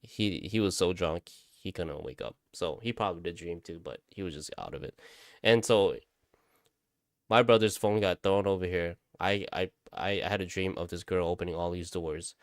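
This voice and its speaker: Man, casual spooky storytelling, rambling, cursing, clear resonant tone, dry room. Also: deep voice, moderate pace, no echo. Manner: rambling, swears often, repeats himself. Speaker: vlogger.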